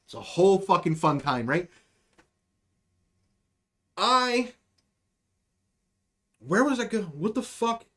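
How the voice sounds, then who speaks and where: A man's voice: sits high, sing-song, slow, long pauses, a bit bright. A man hosting a livestreamed talk show, telling a rambling, profane story in a casual way. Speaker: podcast host.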